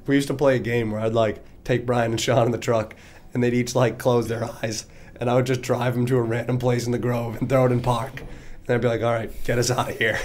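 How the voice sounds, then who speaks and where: A man's voice: mid-range voice, flat delivery, a little fast, a little mellow, a little hiss or hum. Brief: young male podcast co-host, easygoing storyteller, laughs often, casual "dude" talk. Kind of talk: casual chat among friends.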